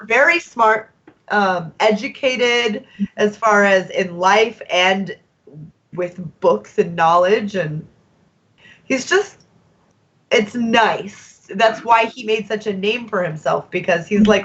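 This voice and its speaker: A woman's voice: medium pitch, slow, a bit bright, highs cut off. A woman from the United States co-hosting a podcast, talking in an opinionated, emphatic way. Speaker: podcast co-host. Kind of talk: casual discussion.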